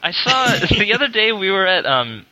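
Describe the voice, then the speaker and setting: A man's voice: sits high, big pitch swings, normal speed, pushed and bright, dry recording, lo-fi sound. A man co-hosting a casual podcast, telling a rambling story with lots of laughs and fillers. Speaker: podcast co-host. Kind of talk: casual chat.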